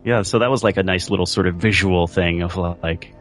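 A man co-hosting a casual podcast chat, rambling with lots of fillers and getting animated when quoting scenes. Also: low-pitched, fairly quick, soft background music. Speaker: podcast co-host. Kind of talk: casual chat about a TV episode.

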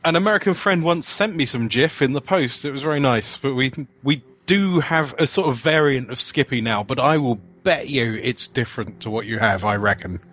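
A man's voice: medium pitch, moderate pace, few pauses, a bit bright. A British man co-hosting a podcast, chatting casually and joking around. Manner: jokey, recites old jingles. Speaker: podcast co-host. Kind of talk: casual chat.

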